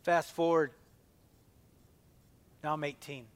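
A man in his forties preaches with a somewhat high voice. He drives lines hard, then drops to a hushed near-whisper for tender moments. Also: steady tone, takes it slowly, clear, resonant tone. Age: 40s. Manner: impassioned, swinging from loud emphasis to a hushed near-whisper. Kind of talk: sermon.

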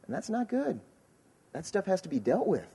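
A man's voice: huge pitch swings, normal speed, gravelly, mellow, breathy edge, big-room sound. A man preaching in a conversational, earnest way, pressing his points with emphasis. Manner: earnest, emphatic, mocks a careless sinner in a high voice. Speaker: pastor.

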